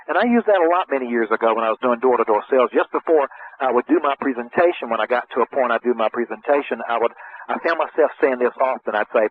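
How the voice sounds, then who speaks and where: Folksy sales trainer on a phone line. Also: male voice, medium pitch, quick pace. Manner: folksy, animated, acts out sales dialogue in raised voice. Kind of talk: conversational coaching talk. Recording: tinny phone-line sound with faint hiss.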